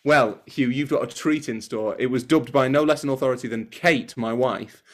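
A man co-hosting a podcast, teasing his friends in quick, amused chat. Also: mid-range voice. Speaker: podcast co-host. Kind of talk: casual chat among friends.

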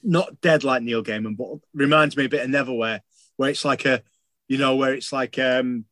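A man's voice: medium pitch, steady tone, moderate pace, fairly bright tone, dry recording. A man chatting casually on a podcast, rambling and enthusiastic, swearing freely. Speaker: podcast co-host.

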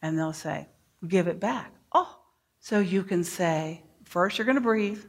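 Woman, middle-aged, teacher trainer, slow deliberate delivery, lowish voice, has listeners repeat phrases. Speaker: early childhood educator giving a workshop.

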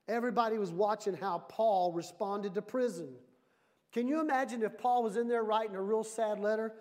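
A pastor with a high, bright voice delivers a lively sermon at a slightly fast pace. He mixes stories with direct appeals and keeps turning questions back on the congregation.

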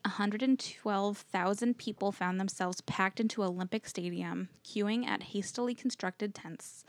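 A woman's voice: mid-range voice, no room sound. A woman podcast co-host reading out her researched notes to her co-hosts in an earnest way, dropping lots of "like" when she talks off the page. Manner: earnest, uses "like" when chatting.

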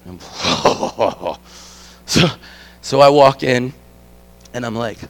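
A middle-aged male preacher telling personal stories from the pulpit. His pitch rises and falls a lot as he moves from hushed asides to emphatic, raised passages. The tone stays casual and chatty throughout. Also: very slow. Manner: animated, storytelling, swings from quiet to emphatic. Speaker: guest preacher. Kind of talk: conversational sermon with personal stories.

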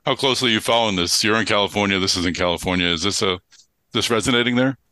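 Deep, bright-toned podcast host man. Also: rapid-fire, no echo. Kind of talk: podcast hosting.

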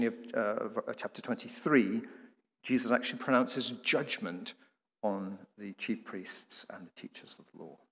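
A man's voice: medium pitch, in a large hall. A man preaching a sermon, explaining the passage and posing rhetorical questions with occasional restarts.

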